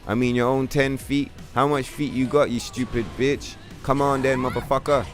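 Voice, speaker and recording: A male streamer talks through a boss fight in casual, excitable bursts, cursing at the enemy and chatting to his viewers. His voice sits at an ordinary middle pitch. Faint game music plays underneath. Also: normal speed. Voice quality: profane, trash-talking, excitable. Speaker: streamer playing a video game. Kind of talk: live gameplay commentary.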